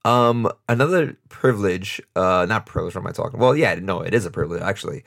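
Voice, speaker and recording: A man's voice: sits low, quick pace, vocal fry, a bit bright. A young man with a New York accent, hosting a casual solo podcast and talking in a rambling, off-the-cuff way with frequent laughs. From United States, New York. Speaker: podcast host.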